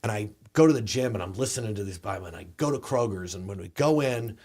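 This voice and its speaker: A male comedian with a Southern accent telling a story casually, with lively halting restarts. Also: lowish voice. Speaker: comedian and guest.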